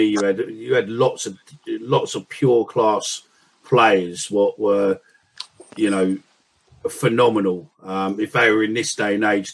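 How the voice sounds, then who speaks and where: A man's voice: on the low side, slightly rough. A man, co-hosting a casual chat in an easygoing, teasing way. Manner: easygoing, teasing, laughs often.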